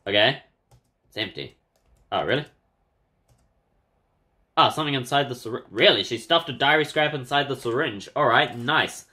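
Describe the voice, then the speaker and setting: A man playing through a horror game, giving casual, wry commentary and clearing his throat now and then. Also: medium pitch, moderate pace, long pauses, bright, forceful tone. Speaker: game player. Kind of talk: let's play commentary.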